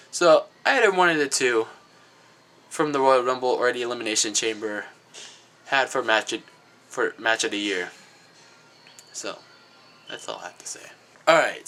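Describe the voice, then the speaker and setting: A man's voice: fairly high pitch, pushed and bright. A young man giving an opinionated, casual video review of wrestling shows, swearing freely.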